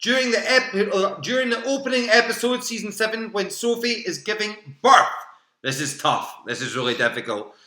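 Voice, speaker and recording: A man's voice: high voice, lively intonation, moderate pace, bright, forceful tone, echoey room. A British man hosting a live online quiz from home, chatty, laughing often and repeating each question. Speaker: quiz host. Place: home room. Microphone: home computer mic.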